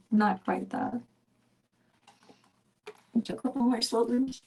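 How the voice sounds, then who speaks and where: A woman's voice: on the high side, steady tone, takes it slowly, pauses often. Chatty woman streamer rambling casually. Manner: rambling, chatty, coos softly at her pets. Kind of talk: casual chat. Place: home.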